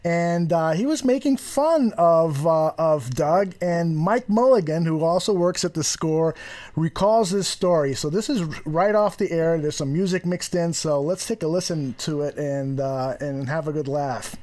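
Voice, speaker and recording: A man hosting a casual conversation, introducing a clip in a relaxed, chatty way. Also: fairly high pitch, unhurried. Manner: relaxed, introducing clips and laughing often. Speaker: podcast host.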